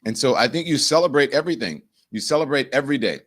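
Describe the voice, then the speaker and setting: A man's voice: medium pitch, lively intonation, quick pace, a bit bright. A man hosting his own live-stream show, chatting casually, laughing easily and reading out viewer comments from what sounds like an apartment home studio.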